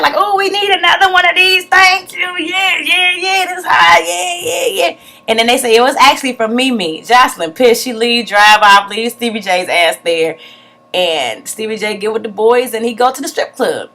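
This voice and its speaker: A woman recapping a reality show episode in a casual vlog, blunt and profane, acting out what people said. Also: mid-range voice. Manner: animated retelling with acted-out quotes, profane, blunt. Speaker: TV show reviewer.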